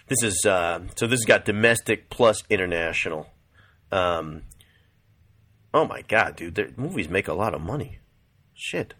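Profane, rambling man with a lively voice. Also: lowish voice. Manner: profane, rambling, says "dude" a lot. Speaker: vlogger. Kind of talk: casual rambling commentary.

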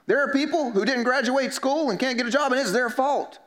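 A man's voice: very high-pitched, fairly quick, a bit bright. A male pastor preaching a sermon in a conversational way, joking with the congregation and acting out little everyday dialogues.

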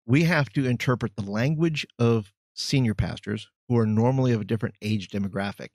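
A middle-aged man and former youth pastor, talking in a measured, thoughtful way and searching for words. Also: mid-range voice, darkish tone, no room sound, studio quality. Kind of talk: reflective podcast chat.

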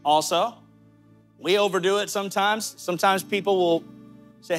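A man with a Southern US accent preaching a sermon, talking directly to his listeners with quick asides. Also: high voice, fairly even intonation, soft background music. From American South. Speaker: pastor.

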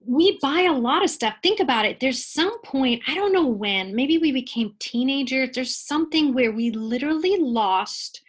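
A woman in her forties, a guest in a conversational interview, explaining ideas in a playful, animated way and laughing often. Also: high-pitched, normal speed, few pauses, breathy edge.

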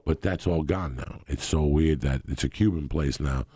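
A man in his sixties telling rambling, animated stories as a guest, laughing often. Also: very deep voice, moderate pace, slightly rough, no echo, studio quality. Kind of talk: casual storytelling.

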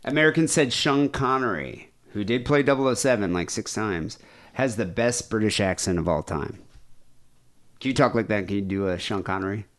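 A man's voice: on the low side, expressive, moderate pace. A man hosting a podcast in casual chat, rambling and self-deprecating, with a somewhat nasal voice. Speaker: podcast host.

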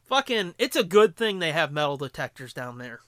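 Animated profane man telling stories. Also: on the high side, a little fast, no echo. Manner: animated, profane storyteller doing voices in quotes. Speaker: podcast co-host. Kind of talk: casual storytelling chat. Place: podcast studio. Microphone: studio mic up close.

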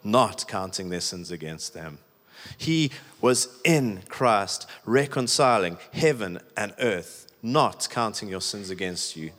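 A man's voice: fairly low pitch, animated, slow, a bit bright. A man preaching a sermon in a chatty, emphatic way, with many "like"s. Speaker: pastor. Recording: echoey hall with long reverb.

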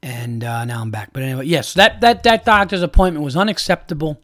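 A man's voice: on the high side, a little fast, pushed and bright, dry recording, studio quality. A young adult man hosting a podcast, ranting in an exasperated, profane, repetitive way. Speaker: podcast host. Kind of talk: casual ranting monologue.

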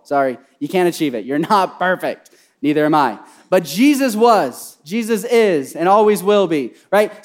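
A male pastor preaching an energetic sermon, bubbly and excitable, filling his talk with "like" and "right?". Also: very high voice. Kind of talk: energetic sermon to a church congregation.

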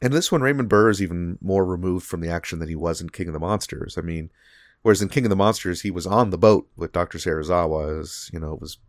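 A low-voiced podcast co-host talks fast in a casual chat, recorded at studio quality with no echo. He rambles along, often using fillers and restarting his sentences.

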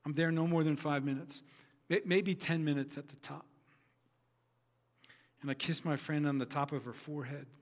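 Male pastor, sermon delivery, earnest and repetitive, somewhat higher voice, reverberant sanctuary. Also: steady tone, moderate pace, long pauses. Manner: earnest storytelling with repeated phrases.

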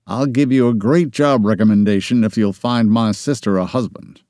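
A man's voice: fairly low pitch, moderate pace, dark tone, no echo, close to an everyday voice. A male audiobook narrator playing a wealthy young boss who grumbles and coaxes with dry humor, close to his own voice. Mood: coaxing. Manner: grumbling, coaxing banter. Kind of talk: audiobook character voice.

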